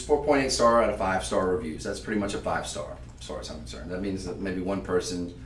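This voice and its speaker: A man hosting a live-stream jewelry sale, talking to viewers in a chatty, emphatic sales pitch. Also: echoey room, distant mic, a little hiss or hum. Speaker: shopping channel host.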